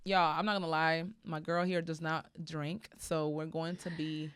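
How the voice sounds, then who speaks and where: A woman's voice: sits low, little pitch movement, moderate pace, a bit bright, clean tone, dry recording. Chatty woman talk show host. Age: 30s. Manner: bubbly, chatty, says "y'all" and "girl". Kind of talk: casual chat.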